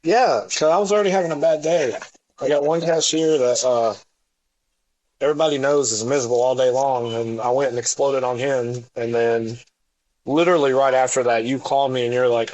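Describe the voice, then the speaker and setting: A man chatting casually about work in a blunt, animated way and swearing freely. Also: medium pitch, a little fast, highs cut off. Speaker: coworker and co-host. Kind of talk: casual chat.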